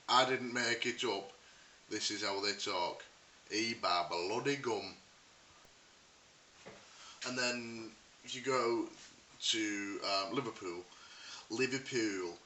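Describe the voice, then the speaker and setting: A Scottish man talks through a casual comic monologue, wry and teasing, slow and rambling. His voice sits a little low yet sounds bright and forceful. It is caught from some distance in a roomy space, with a faint hiss behind it. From Scotland. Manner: mocking, wry, rambling with fillers. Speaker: vlogger.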